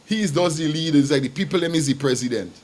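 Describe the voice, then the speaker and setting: A man's voice: on the high side, fast. Emphatic man hosting a livestream. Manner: emphatic and repetitive, talks straight to viewers. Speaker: livestream host. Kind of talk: casual commentary.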